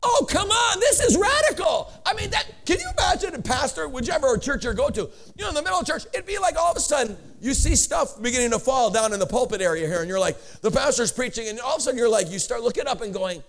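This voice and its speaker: A man preaching a sermon as a pastor, telling stories with rising energy and bursts of shouting. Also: very high voice, fast, creaky, hardly any pauses. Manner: animated storytelling, building to shouts.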